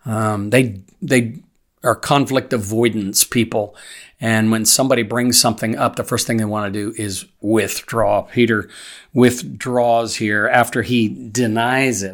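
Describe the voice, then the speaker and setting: A man in a mid-range voice preaches through a passage, reading scripture aloud and then explaining it in an easy, conversational way. He talks like a teacher, with pauses and small fillers as he thinks. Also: mid-range voice, fairly even intonation, fairly bright tone. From United States. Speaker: pastor. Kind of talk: expository sermon.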